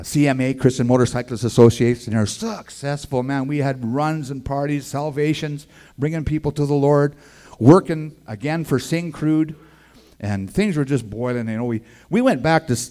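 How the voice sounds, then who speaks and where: A man tells his personal testimony in a relaxed, folksy manner. He acts out the voices of the people in his story. His voice sits at an ordinary middle pitch for a man. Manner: casual and folksy, with 'man' and 'boy, I tell you'. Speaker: speaker giving a personal testimony.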